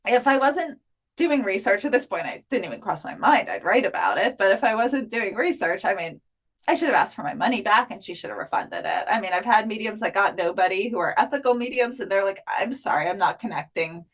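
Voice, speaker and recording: A woman's voice: medium pitch, fairly quick. A woman guest in a casual interview, telling a story with laughter and acting out the dialogue. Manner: animated, laughing, acts out quoted dialogue. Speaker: podcast guest, afterlife researcher.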